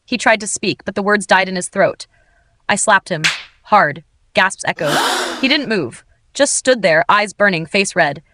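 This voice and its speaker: A woman's voice: on the low side, expressive, normal speed, pushed and bright, no room sound. A woman reading a first-person romance story aloud with dramatic, emotional delivery. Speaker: audiobook narrator. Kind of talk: first-person scripted narration.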